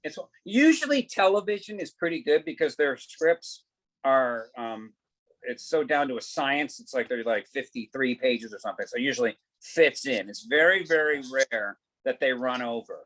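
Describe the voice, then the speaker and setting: A man's voice: medium pitch, animated, normal speed, fairly bright tone, poor audio. A middle-aged man, an actor, telling stories in a casual interview, acting out quoted dialogue and swearing casually. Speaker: actor guest.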